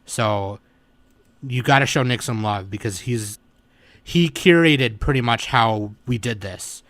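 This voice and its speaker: A man's voice: medium pitch, unhurried, a bit bright, no room sound. A man hosting a casual anime podcast, laid-back and tired, with lots of fillers and swearing. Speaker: podcast host. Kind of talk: casual chat.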